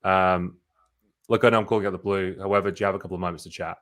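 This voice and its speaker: Low-voiced man talking fast. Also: fairly even intonation, fairly bright tone. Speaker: sales expert.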